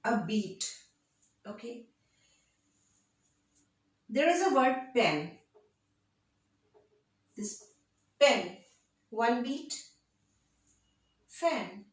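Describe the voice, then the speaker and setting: A woman lectures on poetry at a very slow, deliberate pace. Her voice sits fairly high for a woman. She is recorded in a strongly echoing room. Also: big pitch swings. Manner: slow, deliberate, checks in with "right?". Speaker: literature teacher. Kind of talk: classroom lecture. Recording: very echoey room.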